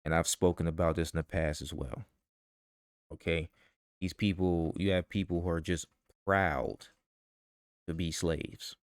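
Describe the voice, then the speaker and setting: A man's voice: deep voice, fairly even intonation, measured pace, pauses often, no room sound, studio quality. A man in a vlog ranting heatedly with profanity and rhetorical questions. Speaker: vlogger. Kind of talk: ranting commentary.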